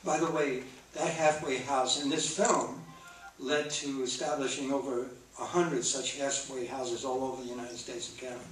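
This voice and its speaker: An older actor with a mid-range, level voice speaks at a normal speed as a guest at an on-stage Q&A with a film audience in a theater. He reminisces and frequently restarts his sentences, and the recording is echoey, picked up by a distant mic in the hall, with a little hiss or hum.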